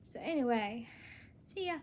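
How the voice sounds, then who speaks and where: A woman's voice: on the high side, animated, normal speed, darkish tone, slight background noise. A young woman talking in a casual solo vlog, earnest and rambling, with many restarts. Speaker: vlogger.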